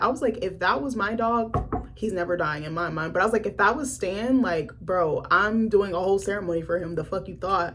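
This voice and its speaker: A young woman reviewing a film in a casual, animated vlog, swearing freely and acting out the characters' lines. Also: medium pitch, a little fast, a little hiss or hum.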